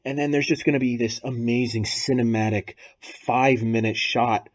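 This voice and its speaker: A man hosting a podcast, telling a long, improvised story in a rambling, deadpan way over casual chat. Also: medium pitch, normal speed, dull audio. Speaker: podcast host.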